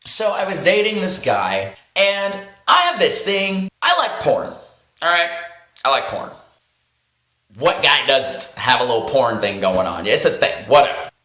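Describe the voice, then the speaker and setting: A man casually telling stories to camera, animated and profane, laughing often and acting out what others said. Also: fairly high pitch, a little slow, roomy sound. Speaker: vlog host. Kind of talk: casual storytelling monologue.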